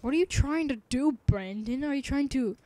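A woman's voice: sits high, normal speed, dark tone, no echo. A young woman hosting a gaming video in casual, goofy commentary, her voice worn by a sore throat and a stuffy nose. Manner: playful, goofy trash talk.

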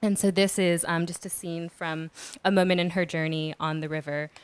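A woman's voice: fairly low pitch, flat delivery, moderate pace, clean tone. A woman writer at a literary event, chatting in a giggly, self-deprecating way and then reading her essay aloud.

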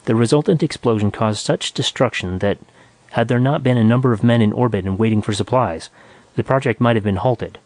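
A man narrating a science fiction story in a measured, even reading. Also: mid-range voice, no room sound. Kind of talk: scripted audiobook narration.

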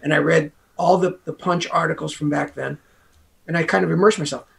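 American man, gravelly creaky voice, slightly high, rambling interview chat. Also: fairly even intonation, fairly quick. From United States. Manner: rambling, full of "you know" asides. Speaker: guest author.

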